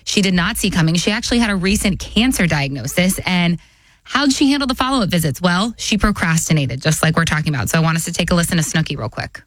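A woman's voice: on the low side, animated, fast talker, dry recording. A woman in her thirties co-hosting a financial radio show, upbeat and bubbly.

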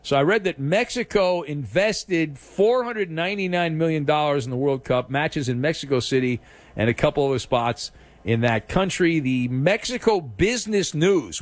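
A man's voice: on the high side, no room sound. A man hosting a sports talk radio show, teasing his callers and running playful games.

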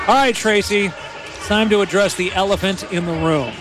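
A man's voice: high-pitched, moderate pace, a crowd in the background, noisy background. A man giving halftime radio commentary from a stadium booth, emphatic and openly opinionated. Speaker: radio broadcaster.

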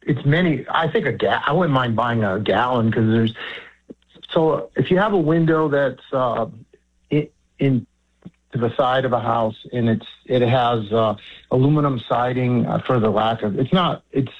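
A man calling in to a home improvement show, explaining his problem haltingly with many fillers and restarts. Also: mid-range voice, lo-fi sound. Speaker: caller. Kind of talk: phone-in question.

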